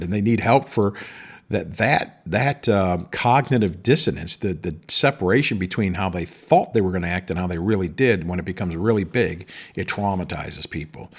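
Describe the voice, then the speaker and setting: A middle-aged podcast host rambles through a casual monologue, restarting his sentences again and again. He has a deep, slightly rough, expressive voice and talks at a normal speed.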